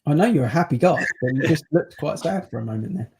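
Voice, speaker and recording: A man's voice: fairly high pitch, animated, quick pace, crowd noise. A man hosting a casual property chat on a video call, chatty and teasing. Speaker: podcast host, estate agent.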